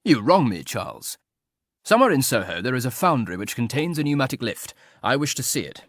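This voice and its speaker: A man's voice: medium pitch, very animated, fairly quick, no room sound, studio quality. A man reading an audiobook voices an idle, teasingly ironic aristocratic marquis who talks in a mock-mournful drawl.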